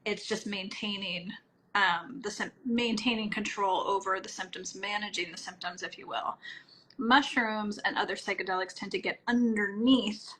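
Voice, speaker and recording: Woman, middle-aged, crisp bright tone, calm explainer, soft trailing phrase ends. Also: mid-range voice, moderate pace, slight background noise, low-quality recording. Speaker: microdosing practitioner, guest. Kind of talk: conversational interview answers.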